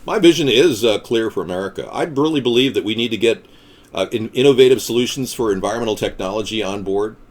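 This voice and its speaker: A man's voice: on the low side, fast. A man hosting a casual live stream as a political candidate, rambling off the cuff with jokes and reading viewer comments aloud.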